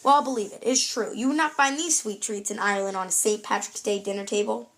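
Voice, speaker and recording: A woman's voice: medium pitch, steady tone, quick pace, a bit bright. A young woman presenting a scripted food show in an upbeat, read-aloud presenter tone.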